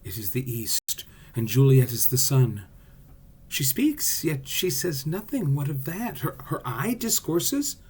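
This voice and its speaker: A man acting out young, lovestruck Romeo with a hushed, theatrical Shakespeare recitation. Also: mid-range voice, sing-song, a little slow, husky, voice pushed up.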